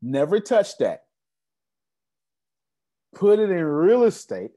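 A man's voice: high-pitched, sing-song, takes it slowly, warm tone. A man giving a business seminar to a live audience, emphatic and repetitive, often asking the crowd rhetorical questions. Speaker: business coach.

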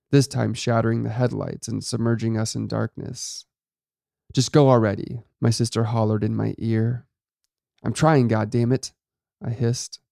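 A man narrating a first-person horror story in a steady, low-key way. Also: gravelly, no room sound, studio quality.

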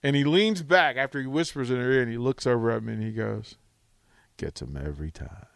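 A man hosting a radio talk show, telling a rambling, animated anecdote full of restarts, in a studio on a close mic. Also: medium pitch, fast, vocal fry, smooth, no echo. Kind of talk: casual radio storytelling.

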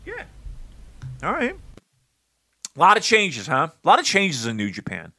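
An American man co-hosting a wrestling podcast in a casual chat, excitable and joking, cursing now and then. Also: a little high, a little slow. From United States. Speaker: podcast co-host.

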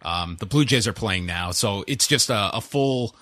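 A man's voice: lowish voice, lively intonation, moderate pace, pushed and bright, no room sound. A man hosting a casual podcast, rambling with dry sarcasm. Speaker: podcast host.

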